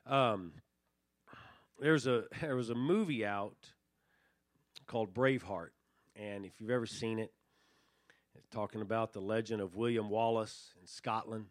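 A man preaching to his church congregation at an unhurried pace, conversational and full of small restarts. The sound is dry and close, with little room echo. He builds intensity when he retells a dramatic story. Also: on the low side. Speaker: pastor. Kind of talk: sermon. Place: church sanctuary.

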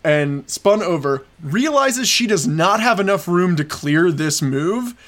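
Excitable rambling man, fairly high voice. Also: unhurried. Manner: excited, rambling storytelling with frequent fillers and laughs. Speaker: podcast co-host. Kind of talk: casual chat.

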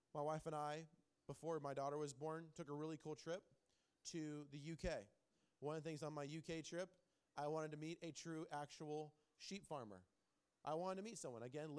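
A man in his thirties delivers a church sermon with a slightly high-set voice. He tells stories with animation and repeats key lines for emphasis. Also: fairly even intonation, normal speed, smooth. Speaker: pastor.

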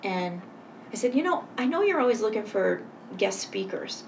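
Woman guest, low gravelly voice, earnest and halting, sits a bit back from the mic. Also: sing-song, a little mellow. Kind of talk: personal storytelling in conversation. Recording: voice a bit far from mic, faint noise.

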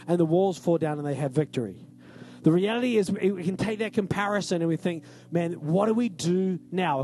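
A man's voice: sits high, darkish tone. A male pastor giving a conversational, emphatic sermon in a church and often asking the congregation "right?".

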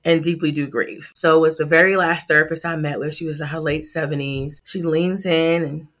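A woman's voice: low voice, steady tone, brisk. A middle-aged woman, a startup founder, telling a heartfelt personal story in a podcast interview.

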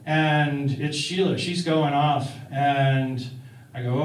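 A man's voice: medium pitch, fairly even intonation, a little slow, slight background noise. A man telling a first-person story in a conversational way, with fillers and restarts. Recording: roomy, distant-miked.

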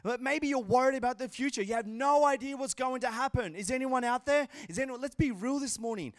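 A man's voice: very high-pitched, fast talker, few pauses, dry recording, clean studio sound. A man preaching a sermon as a pastor, earnest and emphatic, repeating his phrases.

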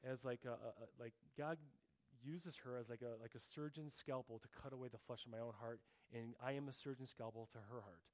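Middle-aged man, church testimony, earnest, soft quiet delivery, repeats words at times, mid-pitched. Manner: repeats words when searching for a phrase. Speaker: church speaker giving testimony. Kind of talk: sermon testimony.

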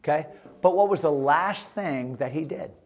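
A man preaching a sermon as pastor, emphatic, swinging between loud exhortation and quiet earnest asides. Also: fairly high pitch, normal speed. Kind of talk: energetic sermon to young people.

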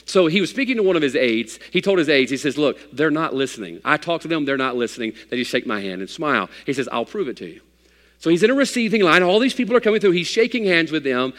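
Male pastor, fairly high voice, preaching sermon with loud swells and hushed drops, long church reverb. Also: animated, fast. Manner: swings between loud preaching and hushed, soft passages. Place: church sanctuary.

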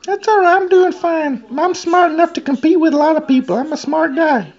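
A man putting on a cheerful, naive grown man in a high falsetto, upbeat and self-assured in a sing-song way. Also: fairly quick, muffled recording. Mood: chipper.

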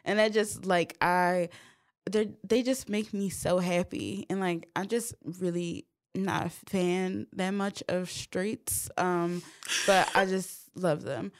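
A woman's voice: on the low side, steady tone, slow. A woman in casual chat, blunt and giggly, with lots of fillers.

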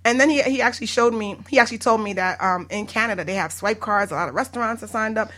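A woman, a barter exchange broker, chatting casually on a podcast, animated and laughing often. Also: fairly high pitch, quick pace.

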